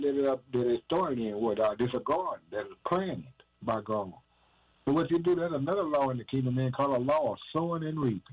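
Casting: husky man, mid-range voice, preacher who fires questions at himself, calls everyone "man". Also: medium pitch, darkish tone, highs cut off. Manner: asks and answers his own questions, peppered with "man"; emphatic, repetitive cadence. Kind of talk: informal sermon.

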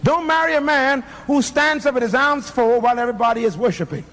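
A man's voice: very high voice, quick pace, few pauses, a bit bright, a little hiss or hum. A man preaching a fiery sermon, emphatic and firing off rhetorical questions at the congregation. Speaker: pastor.

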